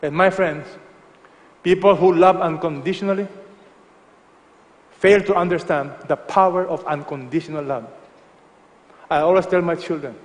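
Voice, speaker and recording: A male pastor preaching a sermon emphatically, dropping to soft, low tones for effect. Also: moderate pace, pauses often, in a large hall.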